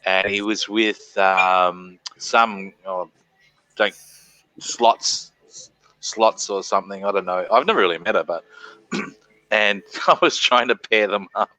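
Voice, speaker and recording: A man's voice: on the low side, slow, sharp tone, no room sound, poor audio. An Australian man hosting a live stream, chatting casually, reading out viewer names and swearing freely. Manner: rambling, reads chat names aloud, swears freely.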